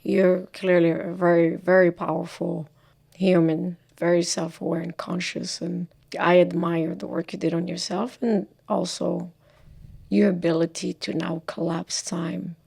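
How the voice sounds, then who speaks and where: A woman's voice: lowish voice, flat delivery, measured pace, vocal fry, darkish tone, breathy edge. A woman hosting a podcast interview, attentive and affirming. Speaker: podcast host. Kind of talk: conversational interview.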